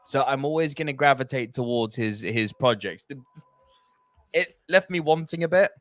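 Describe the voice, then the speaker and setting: A man's voice: mid-range voice, lively intonation, a bit bright, no room sound. A man hosting a live stream, reading viewer comments aloud in a teasing, swearing, casual chat. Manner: teasing, swearing, quick laughter.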